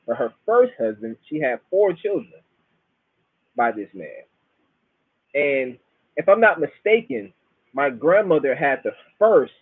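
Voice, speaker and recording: The host's husky mid-range voice carries a Southern US accent from Florida as he wanders through a casual monologue of cursing, laid-back slang, and anecdotes. Everything sounds dry and thin, as if through a phone.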